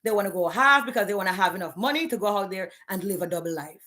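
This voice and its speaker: A woman's voice: mid-range voice, lively intonation, quick pace, few pauses, fairly bright tone. A woman, ranting bluntly and profanely on a live stream, challenging her viewers. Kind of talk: candid live-stream rant.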